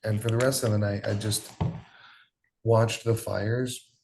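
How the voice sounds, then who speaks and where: A man's voice: fairly low pitch, flat delivery, measured pace, creaky, noisy background. Young man with a roomy echo, telling a raw story. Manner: loose, profane storytelling with many fillers. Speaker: interview guest. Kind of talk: emotional personal account.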